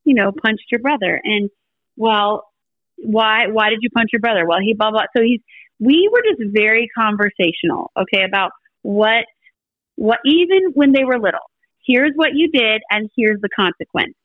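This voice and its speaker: Middle-aged woman, podcast guest, storytelling chat, higher voice, muffled lo-fi audio. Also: normal speed, no room sound. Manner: animated storyteller acting out family dialogue.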